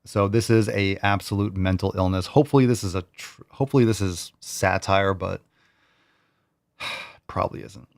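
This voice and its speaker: Male reaction host, lowish voice, dry close sound, mocking and disbelieving. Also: steady tone, moderate pace, vocal fry, no room sound. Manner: mocking, incredulous, repeats clips. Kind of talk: reaction commentary.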